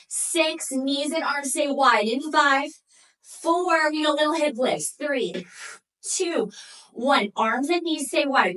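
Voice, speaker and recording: A woman's voice: sits high, fairly bright tone. A woman leading a Pilates workout, coaching and counting down reps while exercising and breathing hard. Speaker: Pilates instructor. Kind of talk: workout instruction. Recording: distant from the mic.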